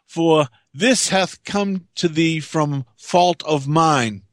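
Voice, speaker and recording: A man reading Eve's lines, a remorseful first woman, in slow, solemn archaic speech. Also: fairly high pitch, no room sound, studio quality. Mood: pleading.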